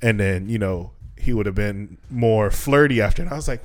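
A man co-hosting a podcast, telling stories in a casual, profane and animated way. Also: fairly low pitch, moderate pace, no room sound. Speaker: podcast co-host. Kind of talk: casual chat. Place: Japan.

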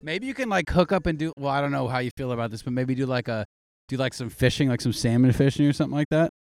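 A man's voice: medium pitch, quick pace, vocal fry, darkish tone, no echo. A man hosting a casual podcast chat, loose and profane, rambling through his thoughts, recorded on a studio mic. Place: small studio.

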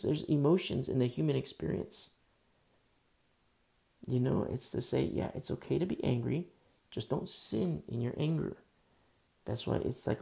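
A man's voice: mid-range voice, normal speed, creaky, dark tone. A man preaching a conversational sermon in a casual, earnest way, full of fillers. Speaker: pastor.

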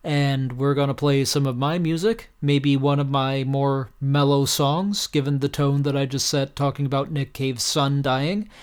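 A man's voice: mid-range voice, little pitch movement, measured pace, hardly any pauses, clear, resonant tone. A man hosting a solo podcast in a casual, rambling way with plenty of fillers, tired and a little tipsy. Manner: rambling and self-deprecating, many fillers. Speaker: podcast host.

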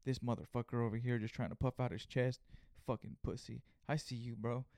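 A man's voice: mid-range voice, fairly even intonation, brisk, vocal fry, mellow, no echo, clean studio sound, close to an everyday voice. A man playing an agitated, hostile young male store customer who talks in a brash, confrontational way. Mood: muttering.

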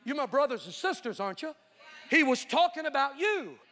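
High-voiced preacher in a reverberant hall. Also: male voice, fairly quick. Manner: animated, folksy, joking. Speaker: evangelist preacher. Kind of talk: sermon storytelling. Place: large hall with audience.

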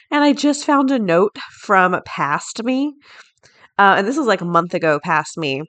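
A woman's voice: medium pitch, lively intonation, normal speed, a bit bright. A middle-aged woman hosting a daily podcast, chatting off the cuff with frequent laughs and reading out headlines. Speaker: podcast host. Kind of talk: casual chat and reading headlines.

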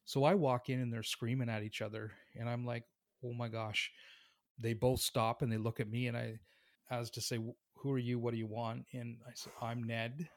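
A man with a gravelly voice at a medium pitch, telling a story in an animated way. He often slips into voicing the other people in the story and laughs as he goes. The sound is dry and close, with no room around it. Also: fairly quick, dry recording. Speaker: tattoo artist and guest. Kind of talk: casual storytelling.

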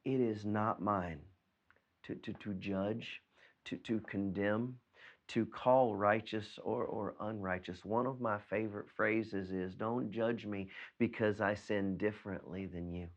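A man's voice: on the low side, fairly even intonation, a little slow, muffled recording. A man preaching a sermon as pastor, earnest and given to repeating words as he stresses a point. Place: preached by video from home during quarantine.

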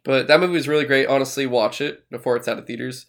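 A man's voice: medium pitch, steady tone, fast talker. A man co-hosting a casual podcast, rambling with fillers and restarts, swearing now and then. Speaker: podcast co-host. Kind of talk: casual chat.

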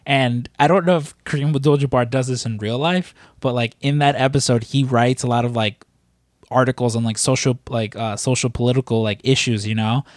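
A man's voice: medium pitch, steady tone, brisk, dry recording, clean studio sound. A man chatting casually on a podcast, rambling with lots of filler words. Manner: rambling, heavy use of "like" and "you know". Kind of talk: casual chat.

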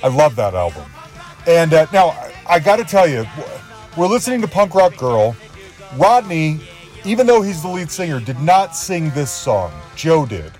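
A man's voice: a little high, very animated, moderate pace, darkish tone, soft background music. A man hosting a podcast, introducing his guest with fan-like enthusiasm and a habit of repeating himself. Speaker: podcast host.

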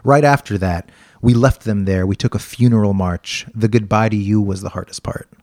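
A man's voice: fairly low pitch, normal speed, darkish tone, no room sound, clean studio sound. A man co-hosting a casual music podcast, talking with enthusiasm and rambling, sometimes singing bits of lyrics. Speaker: podcast co-host. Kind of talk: casual music review chat.

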